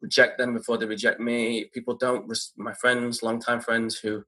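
Halting, emotional man with a bright voice. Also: mid-range voice, level tone. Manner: halting and emotional, many restarts. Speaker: speaker sharing his story. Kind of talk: personal testimony.

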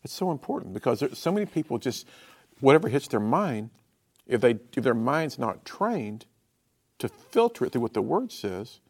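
A man hosts a faith talk show with a lively, rising and falling voice that slips into preaching. He affirms his guest warmly, then turns to address the viewers directly with sermon-like emphasis. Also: mid-range voice, normal speed, slightly rough. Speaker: host of a Christian talk show. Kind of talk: preaching-style interview talk.

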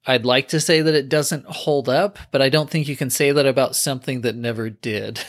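A man's voice: mid-range voice, fairly even intonation, a little fast. A middle-aged man co-hosting a comedic book podcast, wry, with laughing asides. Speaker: podcast co-host.

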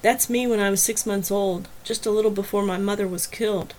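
A protective young daughter in a spoken novel, soft and earnest as she confides, voiced by a woman narrator. Her voice stays close to the narrator's own, only a touch quieter. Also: mid-range voice, fairly even intonation, fairly quick, slight background noise, close to an everyday voice, rough recording. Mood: confiding.

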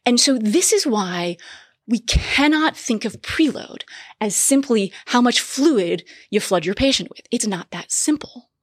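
Lively woman giving a medical lecture. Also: fairly high pitch, dry recording, studio quality. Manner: lively, conversational teaching with quick asides.

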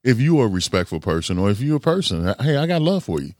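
A man hosting a podcast in a casual, drawn-out talking manner. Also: medium pitch, sing-song, darkish tone, no room sound, clean studio sound. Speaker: podcast host.

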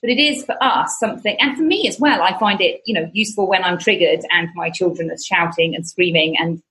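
A woman's voice: on the low side, a little fast, sharp tone, poor audio. A mother hosting a podcast, chatting in a self-deprecating, humorous way. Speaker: podcast host. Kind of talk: casual podcast conversation.

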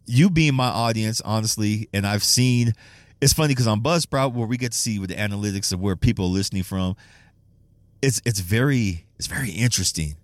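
A man's voice: lowish voice, brisk, no echo. A man hosting a casual solo podcast, rambling and swearing, laughing often and restarting his sentences. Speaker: podcast host.

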